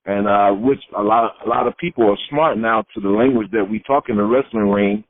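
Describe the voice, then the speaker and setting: A man's voice: lowish voice, brisk, few pauses, dry recording. Middle-aged man telling stories over a tinny line. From Florida, USA. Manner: lively storyteller who acts out quoted voices. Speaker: retired pro wrestler, interview guest. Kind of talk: storytelling shoot interview. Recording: tinny phone-like line, dry.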